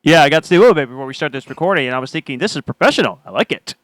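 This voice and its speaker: A man's voice: a little high, expressive, very fast, fairly bright tone, no room sound, poor audio. A man co-hosting a podcast in casual chat, easygoing and playful, laughing along with the others. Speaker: podcast co-host.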